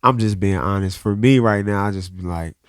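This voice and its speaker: A man's voice: fairly low pitch, clean tone, no room sound, clean studio sound. A man speaking as a podcast guest in a candid, earnest way, often restarting his sentences. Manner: earnest, open, halting restarts. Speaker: guest artist. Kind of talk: candid conversational interview.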